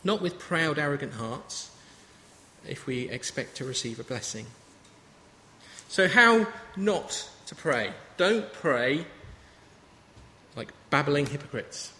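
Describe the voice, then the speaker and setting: Guy in his 30s giving a sermon, slightly high voice, chatty storytelling, long hall echo. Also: expressive, slow pace, bright, forceful tone, a little hiss or hum. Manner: conversational, anecdotal preaching. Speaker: preacher. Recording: reverberant hall with faint ambience.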